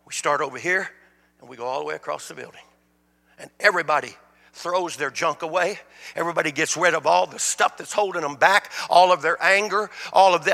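A man's voice: a little high, a little fast, gravelly, sharp tone. A man preaching a sermon as a guest speaker, in a plain-spoken, folksy way. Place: church sanctuary. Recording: long reverb of a church hall.

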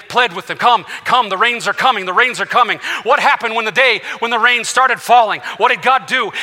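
This high-pitched male voice is bright and forceful as he preaches fervently to a live congregation, citing scripture in his role as senior pastor. The setting is a church sanctuary, and the sound echoes like a large hall.

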